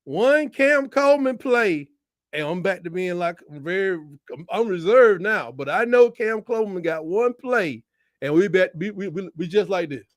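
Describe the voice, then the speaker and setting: A man hosting a live football watch-along, shouting at big plays and talking in casual slang. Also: sits high, lively intonation, normal speed, no echo, clean studio sound. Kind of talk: excited game-watch commentary.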